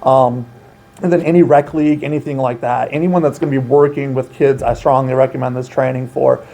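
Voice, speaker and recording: A man's voice: medium pitch, fairly even intonation, fairly quick, creaky, warm tone. A man working as an outreach coordinator, explaining child safety steps in an earnest, emphatic way during an interview. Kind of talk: informational interview.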